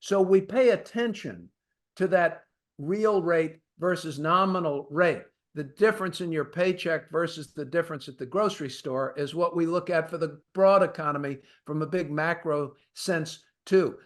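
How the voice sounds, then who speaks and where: A man's voice: on the high side, moderate pace. A man hosting a markets podcast, explaining economics in a plain-spoken way and speaking directly to his listeners. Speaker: podcast host. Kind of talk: conversational market commentary.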